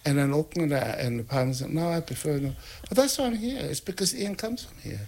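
A man, a guest telling animated anecdotes, laughing often and acting out what people said. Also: on the high side, a little fast, a crowd in the background. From North Island of New Zealand. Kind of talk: anecdotal storytelling.

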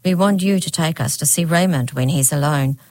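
A woman voicing a calm, commanding male wizard who speaks steadily, in a raised voice. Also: sits low, moderate pace, no room sound, lightly acted.

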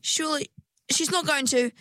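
A woman's voice: on the high side, unhurried, fairly bright tone, dry recording, clean studio sound, voice pushed up. A woman voicing a young female who has lost her memory, talking hesitantly and wonderingly. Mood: shocked.

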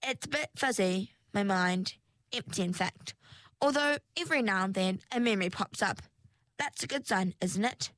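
A woman's voice: medium pitch, a bit bright, dry recording, close to an everyday voice. A woman voicing a timid, unsure young mermaid girl who speaks hesitantly. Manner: hesitant, halting.

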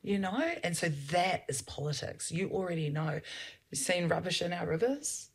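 A woman's voice: fairly low pitch, expressive, normal speed. A middle-aged woman with a New Zealand accent, a politician talking earnestly as a guest in a casual interview, with many fillers.

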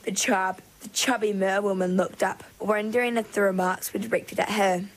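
A woman reads a storybook aloud in a middling voice. Her delivery is expressive and measured. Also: mid-range voice, low-quality recording. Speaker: narrator. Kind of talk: storybook narration.

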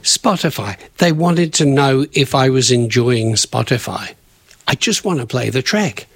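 A man's voice: medium pitch, lively intonation, measured pace, husky, no room sound. A man hosting local radio, chatting casually and rambling through event notices with self-corrections. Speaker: radio host.

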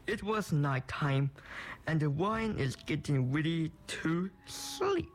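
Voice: mid-range voice, animated, slow pace, a little hiss or hum. A young storyteller narrating a homemade tale, making it up as he goes with a rambling manner. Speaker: storyteller host. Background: music.

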